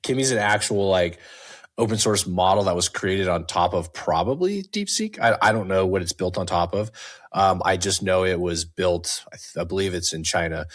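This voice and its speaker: A man's voice: low voice, moderate pace. A man co-hosting a podcast, explaining things loosely in casual chat and hedging as he talks. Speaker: podcast co-host.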